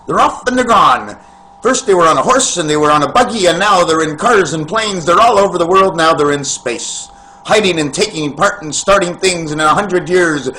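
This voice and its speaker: Male vlogger, pitch a touch high, free-associating monologue with sudden loud bursts over faint background noise. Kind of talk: rambling monologue to camera.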